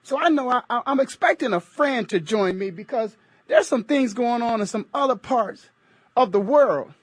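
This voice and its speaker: Emphatic high-voiced talk radio host. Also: male voice, animated, normal speed, dry recording. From United States. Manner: preachy, emphatic, repetitive.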